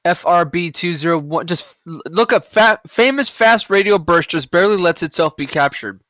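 Guy with a high tense voice, podcast host ranting at headlines, sarcastic and foul-mouthed, dead dry mic. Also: moderate pace, fairly bright tone, no echo. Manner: profane, rambling, sarcastic. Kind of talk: casual news-reaction rant.

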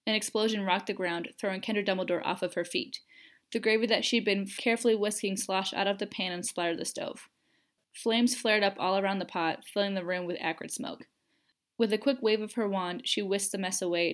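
A woman narrating a fan fiction audiobook with measured, expressive storytelling. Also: mid-range voice.

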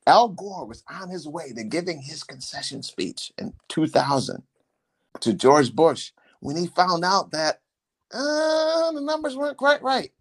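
A man's voice: on the high side, unhurried. Emphatic man in his sixties telling stories. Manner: emphatic, repeats phrases, animated retelling. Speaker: former congressman hosting a podcast. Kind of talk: casual storytelling to his son.

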